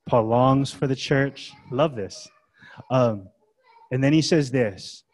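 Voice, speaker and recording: A man's voice: mid-range voice, slow, darkish tone. A man preaching a sermon as pastor, in a casual, conversational way full of rhetorical questions. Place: church gathering.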